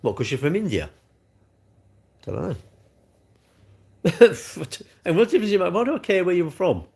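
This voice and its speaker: A man's voice: high-pitched, very animated, moderate pace, gravelly, darkish tone. A middle-aged man hosting a casual livestream, chatting and answering viewer comments with swearing and rhetorical questions. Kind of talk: casual chat.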